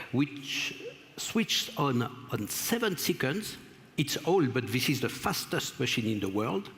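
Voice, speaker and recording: A man's voice: mid-range voice, a bit bright. Male lecturer, French accent, hesitant delivery, reverberant hall. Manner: apologetic, halting, with frequent pauses and fillers. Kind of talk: conference lecture. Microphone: stage microphone.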